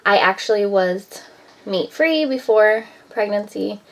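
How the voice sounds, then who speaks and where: A woman talks casually as she cooks in her home kitchen. She rambles from one thought to the next and fills her speech with "like" and "um". She has a relaxed, everyday vlogging manner. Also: medium pitch, slow pace, low-quality recording. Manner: chatty, rambling, heavy use of "like" and "um". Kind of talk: casual vlog chat.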